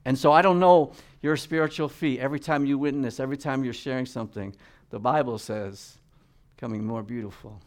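A man preaching a sermon, reading scripture and swinging between loud emphatic peaks and quiet, low asides. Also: fairly quick.

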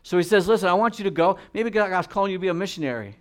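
A man preaching a sermon, reading scripture and swinging between loud emphatic peaks and quiet, low asides. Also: racing.

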